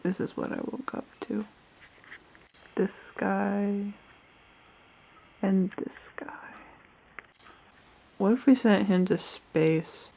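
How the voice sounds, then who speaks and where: A young adult woman filming a casual vlog, chatty and playful and quick to laugh, talking from behind a handheld camera. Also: medium pitch, vocal fry, warm tone, low-quality recording. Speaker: vlogger.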